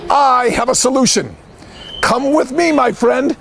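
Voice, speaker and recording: Man doing a kind storybook frog, worried gasps, gentle reassurance, gravelly, high. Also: a little slow, exaggerated voice. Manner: gasping and worried, then calm and kind. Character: caring, wise male frog.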